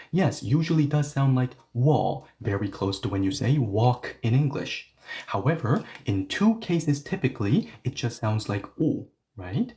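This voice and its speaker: A man's voice: mid-range voice, darkish tone. A man teaching an online language lesson, explaining step by step and often checking in with "right?".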